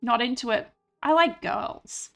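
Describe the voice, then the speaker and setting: A woman's voice: on the high side, lively intonation, measured pace, vocal fry, pushed and bright, faint music behind. A woman streaming a game, chatting playfully and reading out chat. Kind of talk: casual gaming stream chat.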